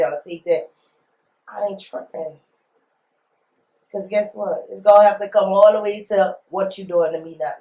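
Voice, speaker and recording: A rapper from New Orleans, USA, tells her story in an interview, blunt and emphatic, repeating phrases and using slang. Her voice is mid-range and dark in tone, with fairly even intonation and normal speed, and the room has an echo.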